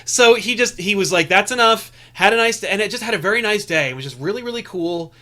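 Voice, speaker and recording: A man's voice: sits high, fast, sharp tone. A young adult man co-hosting a podcast, telling a rambling story full of restarts in casual chat. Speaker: podcast co-host.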